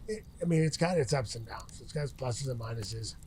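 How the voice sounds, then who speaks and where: A man's voice: mid-range voice, expressive, a little fast, a little mellow, husky. A middle-aged man talking casually as an interview guest outdoors by a campfire, rambling with many restarts and fillers. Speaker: interview guest, retired fighter.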